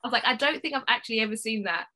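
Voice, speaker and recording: A woman's voice: on the high side, very fast, background noise. A woman interviewing a filmmaker in casual chat, enthusiastic and laughing often.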